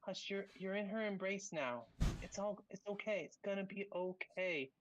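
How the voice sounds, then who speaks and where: A game master voicing a female cultist who calms her victim in a hushed, coaxing murmur. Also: medium pitch, moderate pace, highs cut off, background noise, voice pushed up, close to an everyday voice. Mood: soothing. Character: female cultist, soothing and unsettling.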